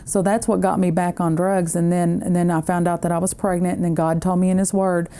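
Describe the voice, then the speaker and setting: A woman guest giving an earnest personal faith testimony, halting and restarting as she talks. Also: fairly low pitch, level tone, mellow.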